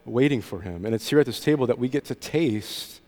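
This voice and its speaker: A man's voice: medium pitch, expressive, a little fast, warm tone, long reverb tail. A man speaking as a pastor at communion, earnest, with frequent ums and small restarts. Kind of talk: communion meditation.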